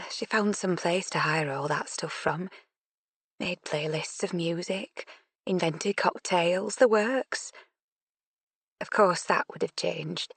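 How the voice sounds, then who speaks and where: A woman voicing a soft-spoken mother with a Yorkshire accent, talking gently about her lost daughter. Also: mid-range voice, no echo, pitched above the performer's own voice.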